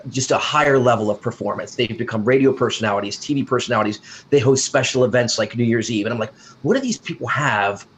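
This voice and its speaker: Chatty American wedding DJ guest. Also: male voice, mid-range voice, fast talker, a bit bright, slight background noise, rough recording. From United States. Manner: friendly, chatty, storytelling, jokes around. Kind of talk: casual interview chat.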